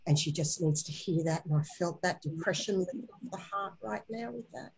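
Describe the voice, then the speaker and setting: Soft-spoken woman leading a healing session, slow and coaxing, calls you darling. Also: fairly low pitch, gravelly, husky, rough recording. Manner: soft, slow, coaxing guidance with gentle endearments. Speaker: spiritual healer guiding a session. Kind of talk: guided inner-child healing session.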